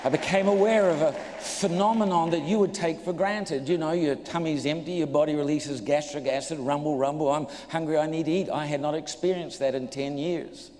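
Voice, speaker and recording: New man telling a lively testimony. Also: fairly high pitch, normal speed, few pauses, a faint crowd, slight background noise. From New Zealand. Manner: animated storyteller, acts out voices, jokes with audience. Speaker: preacher giving a testimony. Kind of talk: humorous sermon testimony. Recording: echoey hall reverb.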